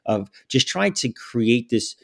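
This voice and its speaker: A man's voice: mid-range voice, slow pace, creaky. A man in his forties, a school director, telling stories in a podcast interview and acting out what people said. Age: 40s. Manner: animated storyteller, acts out quotes.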